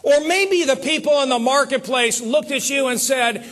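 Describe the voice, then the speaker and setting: A man giving a motivational sales seminar on stage, talking straight to the audience in an animated way. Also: extremely high pitch, brisk, hardly any pauses. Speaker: seminar speaker.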